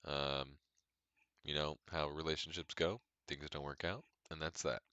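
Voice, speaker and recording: A man's voice: rumbling low, fairly even intonation, unhurried, pushed and bright, clear, resonant tone, no echo, dull audio. A young man hosting his own podcast from his apartment, chatting casually and candidly with lots of fillers and asides. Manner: rambling, candid, self-deprecating with frequent fillers. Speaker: podcast host. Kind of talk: casual solo podcast chat.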